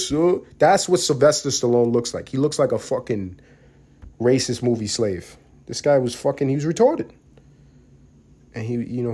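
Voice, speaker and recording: A man's voice: fairly low pitch, husky. Profane young New man rambling. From New York, USA. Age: young adult. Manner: profane, rambling, swings between loud and mumbled. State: getting over the flu. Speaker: podcast host. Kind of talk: casual monologue.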